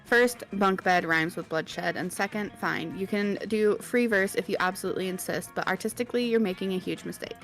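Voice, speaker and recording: A woman voicing a smooth-talking young male brand manager with an upbeat, persuasive manner. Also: medium pitch, brisk, few pauses, a bit bright, soft background music, natural voice. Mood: prim.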